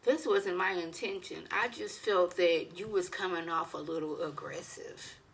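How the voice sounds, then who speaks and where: A woman putting on a hushed, fake-innocent lady. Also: lowish voice, unhurried, gravelly, pitched below the performer's own voice. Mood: mock calm. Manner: hushed and mock-gentle. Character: calm soft-spoken woman feigning innocence.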